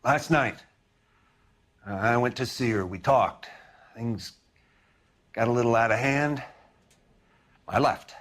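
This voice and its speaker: An actor playing a defensive husband suspected of murder in a game, speaking haltingly. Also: male voice, mid-range voice, a bit bright. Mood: weary. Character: defensive grieving husband under suspicion.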